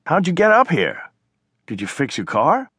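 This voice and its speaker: Audiobook: male narrator doing an indignant, exasperated woman, higher and louder than his own voice. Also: wildly swooping pitch, moderate pace, husky, no echo, clean studio sound, full character voice. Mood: annoyed. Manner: indignant, scolding. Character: exasperated woman, fed up with her brother.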